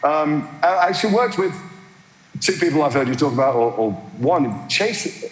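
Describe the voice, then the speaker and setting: A middle-aged man, a guest actor, telling animated anecdotes with many restarts. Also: on the high side, normal speed. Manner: animated, chatty storyteller with restarts. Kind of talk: anecdotal chat. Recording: echoey live hall.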